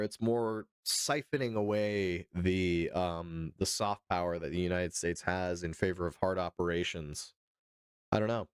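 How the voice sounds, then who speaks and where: A man's voice: on the low side, clean tone, no echo, studio quality. A man livestreaming casual commentary, reading chat and talking it through in a hesitant way that repeats itself and swears freely. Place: home streaming setup.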